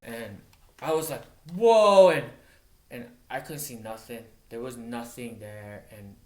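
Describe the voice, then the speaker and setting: A man, a wildland firefighter from Montana, telling a story in a casual, profane way, halting and restarting often. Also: medium pitch, darkish tone. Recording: roomy echoey recording.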